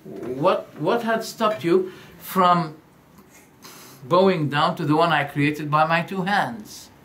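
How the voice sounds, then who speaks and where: A man giving a religious lecture, animated, firing rhetorical questions and acting out quoted dialogues. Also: a little high, takes it slowly. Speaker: Islamic preacher.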